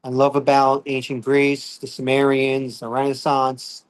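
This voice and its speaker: A man's voice: mid-range voice, monotone, a little slow. A middle-aged man, doing a rambling stand-up set full of fillers and "all right?" check-ins. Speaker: stand-up comedian.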